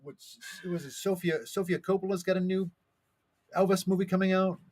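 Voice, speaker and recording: A man's voice: high-pitched, fairly even intonation, normal speed, darkish tone. A man co-hosting a live stream, talking in a hesitant, dry way with lots of fillers. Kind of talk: casual comedic chat.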